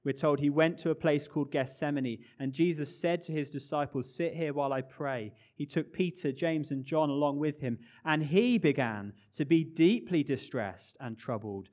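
A man preaching a sermon with earnest emphasis, dropping to hushed low phrases and rising again. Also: normal speed, hardly any pauses.

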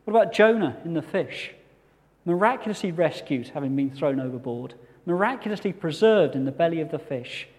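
A man preaching a sermon as a pastor, earnest and measured with touches of light humour. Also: a little high, animated. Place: church hall. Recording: long hall reverb.

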